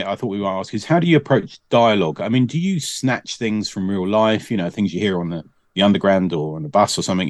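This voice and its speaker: A man's voice: fairly low pitch, no echo. A man hosting a casual podcast interview, laughing easily and asking long, rambling questions. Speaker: podcast host.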